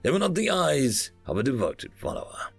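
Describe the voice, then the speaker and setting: Guy doing a blunt no-nonsense soldier, gravelly, little bit raised. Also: medium pitch, huge pitch swings, moderate pace, no room sound, faint music behind, pitched above the performer's own voice, exaggerated voice. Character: blunt shrewd male soldier.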